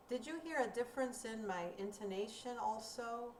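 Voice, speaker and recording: A woman teaching a recorded grammar lesson, speaking slowly and clearly in a deliberate teaching manner. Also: fairly high pitch, expressive. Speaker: ESL teacher. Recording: roomy, distant mic with faint room noise.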